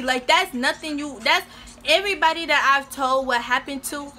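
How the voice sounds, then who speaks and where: Young woman vlogger, fairly high bright voice, animated emotional storytelling. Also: moderate pace. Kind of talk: casual storytime.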